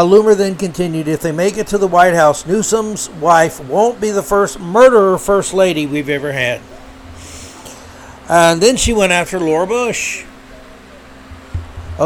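A man with a slightly higher voice delivers a solo podcast rant, heated and indignant, stumbling over restarts and fillers. A faint hiss of noise sits under the recording. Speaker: podcast host. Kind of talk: solo political commentary.

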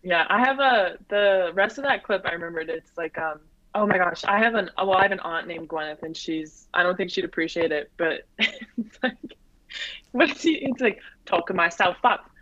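Young woman comedian rambling casually, lowish voice, dry sound. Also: moderate pace, sharp tone, no room sound. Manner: chatty, filler-heavy, laughs often. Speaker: comedian guest. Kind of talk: casual chat. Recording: dull lo-fi, dry.

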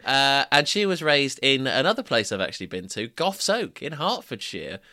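A man's voice: mid-range voice, very animated, moderate pace, sharp tone. A man co-hosting a podcast, telling anecdotes in a joking, chatty way and laughing often. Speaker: podcast co-host. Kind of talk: casual chat.

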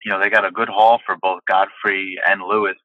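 A man's voice: low voice, flat delivery, brisk, dry recording, highs cut off. A man talking as a podcast guest in casual chat, explaining at length with lots of fillers. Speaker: podcast guest, football fan.

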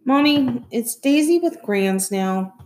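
A woman voicing a gentle, anxious young boy who asks small, pleading questions in a soft, hushed voice. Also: fairly high pitch, expressive, slow, pitched above the performer's own voice.

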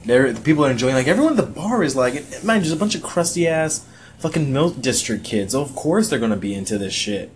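A man's voice: medium pitch, very animated, quick pace, a little hiss or hum. A man co-hosting a podcast in casual chat, rambling and profane, getting worked up when he rants. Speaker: podcast co-host.

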